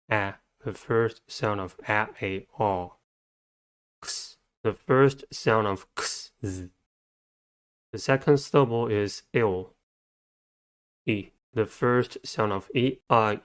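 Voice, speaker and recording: Smooth low-voiced man teaching spelling. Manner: slow, methodical spelling out of letters and sounds. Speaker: English vocabulary teacher. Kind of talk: scripted instructional narration.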